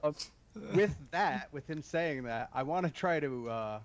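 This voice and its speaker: A man's voice: a little high, a little slow, muffled recording. A man playing a tabletop game, chatting casually and laughing often. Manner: laughing, animated. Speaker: player.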